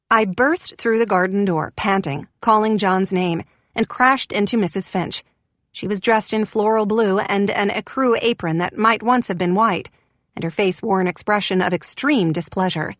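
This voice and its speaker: A woman reading a first-person novel as an audiobook narrator, expressive and lifting her voice for quoted lines. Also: mid-range voice, normal speed, no echo.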